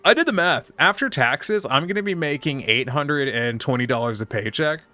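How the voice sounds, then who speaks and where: Bright-voiced man ranting while streaming. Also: a little high, lively intonation, moderate pace. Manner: profane, exasperated storytelling. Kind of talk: casual ranting chat.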